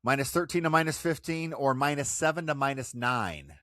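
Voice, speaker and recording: A man co-hosting a sports podcast, teasing and lively in casual chat. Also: medium pitch, brisk, no echo, studio quality. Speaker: podcast co-host.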